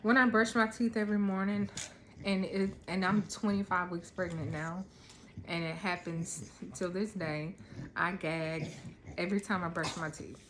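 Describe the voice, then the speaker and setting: A woman in her thirties talking casually to camera at home, relaxed and rambling with lots of ums. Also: on the low side, moderate pace, a little hiss or hum. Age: 30s. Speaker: vlogger. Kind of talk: casual chat.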